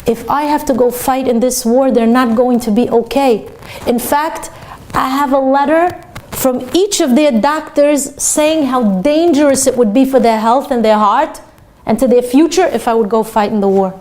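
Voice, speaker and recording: A woman's voice: high voice, normal speed, a little mellow, natural voice. A woman voicing a nervous young soldier pleading anxiously for help.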